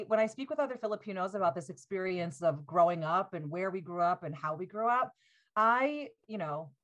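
A woman in her forties, a podcast guest, telling stories in casual talk, animated and laughing often, with many "like" fillers. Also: mid-range voice, lo-fi sound. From United States.

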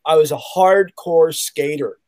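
A man chats as a podcast guest, joking and wandering between stories. His voice sits a little high. It sounds close and dry, with no room around it. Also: measured pace, darkish tone, no room sound. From California. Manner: jokey, rambling storyteller. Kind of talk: casual podcast chat.

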